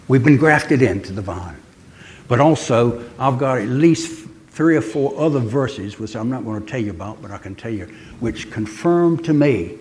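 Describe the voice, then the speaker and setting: Older guy preaching, earnest, slows right down on the big lines. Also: medium pitch, a little mellow. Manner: earnest, pausing, slows for emphasis. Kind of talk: sermon.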